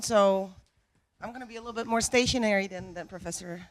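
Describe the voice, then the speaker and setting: A woman's voice: medium pitch, a little fast. A woman professor giving a lecture on a panel, friendly and asking the audience questions.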